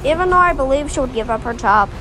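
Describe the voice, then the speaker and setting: A woman giving casual commentary while playing a game, excitable and melodramatic, swinging from mumbling to yelling. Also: high-pitched, fast, noisy background. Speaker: gameplay commentator. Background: game music.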